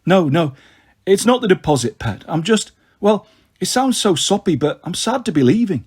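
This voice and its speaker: Sentimental hoarse dad done by a guy reading, soft-spoken, husky. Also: high-pitched, sing-song, moderate pace, exaggerated voice. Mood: tender. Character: soft-hearted, sentimental father.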